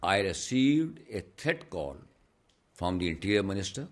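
A man's voice: low voice, big pitch swings, moderate pace. An older man with a Pakistani accent, a retired police investigator telling his story emphatically in an interview. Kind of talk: interview answers.

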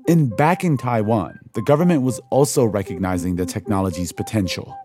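Male co-host, scripted narration, steady explanatory read, music bed. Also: on the low side. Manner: measured, explanatory. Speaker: podcast co-host.

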